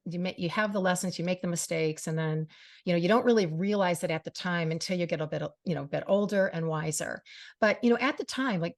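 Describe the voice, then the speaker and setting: A middle-aged woman hosting a radio show and podcast, speaking earnestly and from the heart to her listeners, often saying "you know". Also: on the low side. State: briefly tearful. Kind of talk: personal monologue to listeners.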